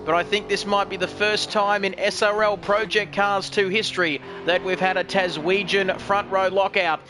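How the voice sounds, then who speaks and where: A man's voice: high-pitched, little pitch movement, moderate pace, over music. A man commentating an online sim race, jokey and rambling, poking fun at himself. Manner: jokey, rambling, self-mocking. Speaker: lead commentator.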